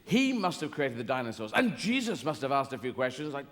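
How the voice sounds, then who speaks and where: A man's voice: medium pitch, sing-song, a little fast, few pauses, a bit bright. A male stand-up comedian doing a rambling live routine on a theatre stage, full of self-corrections and digressions, with a long echo and background noise around him.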